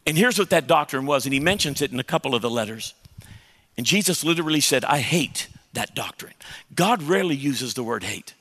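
A man preaches with a bright, ringing voice that sits a little high, emphatic and conversational. He keeps asking his listeners questions. The sound rolls through a large, echoey hall. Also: lively intonation, quick pace. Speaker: pastor. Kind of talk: sermon.

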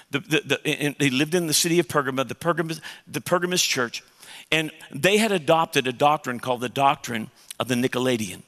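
A man's voice: mid-range voice, bright, forceful tone, long reverb tail. A man pastor preaching a sermon, emphatic and conversational, putting questions to the congregation.

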